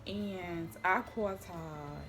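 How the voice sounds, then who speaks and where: A woman's voice: fairly low pitch, takes it slowly, music in the background. A young woman, vlogging at home in a casual, slangy way that turns emotional at times. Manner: chatty, slangy, emotional, quietly tearful at times. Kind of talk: casual chat.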